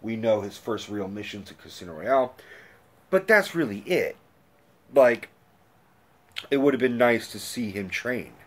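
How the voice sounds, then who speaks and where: A man rants casually about movies in a slightly low voice. He gets excitable and swears freely, rambling through restarts and fillers as his thoughts tumble out. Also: a little slow, long pauses. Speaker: movie reviewer. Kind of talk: casual rant.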